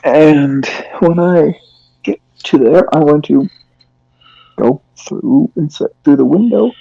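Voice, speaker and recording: A man playing a tabletop game, smooth-talking and dropping into hushed whispers in character. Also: a little high, expressive, slow pace, dry recording. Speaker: player. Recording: muffled lo-fi mic.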